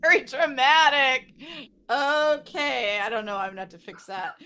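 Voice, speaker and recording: A woman's voice: sits high, animated, normal speed, sharp tone, clear, resonant tone. A woman hosting an online improv game, playfully calling out timed rounds and laughing along. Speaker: improv game host and timer. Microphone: video call.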